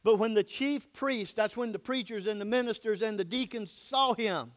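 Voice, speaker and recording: A man's voice: high-pitched, normal speed, a bit bright. A man preaching a sermon, reading scripture aloud and then explaining it in a folksy, plain-spoken way. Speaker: pastor.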